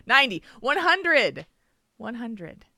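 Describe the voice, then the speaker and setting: A woman's voice: a little high, very animated, takes it slowly, bright, forceful tone, no echo, studio quality. A woman hosting a podcast from home over a video call, chatty and laughing often. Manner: giggly, chatty. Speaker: podcast host. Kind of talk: casual podcast chat.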